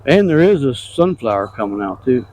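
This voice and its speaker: A man strolling through his farm garden outdoors, giving a loose and easygoing weekly update. His voice is warm and mellow, and his talk is plain and rambling, in everyday country grammar. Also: medium pitch, big pitch swings, moderate pace, poor audio. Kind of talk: casual walk-through narration.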